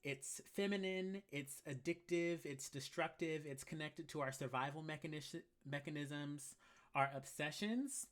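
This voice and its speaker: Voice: mid-range voice, fairly bright tone. Sassy, emphatic tarot reader. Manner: sassy, emphatic, slangy and blunt; repeats key phrases for emphasis. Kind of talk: live collective tarot reading.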